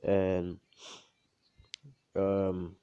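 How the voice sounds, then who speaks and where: Low-voiced young man rambling a fan story. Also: monotone, very slow, smooth. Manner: rambling, profane, filler-heavy slang. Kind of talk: casual improvised fan story. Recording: dull lo-fi home recording.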